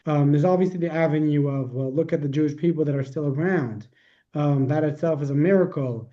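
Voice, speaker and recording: A man's voice: on the high side, a little fast, dark tone. Man teaching a class, dull lo-fi sound. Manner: patient, explanatory, answers questions step by step. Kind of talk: explaining in a class discussion.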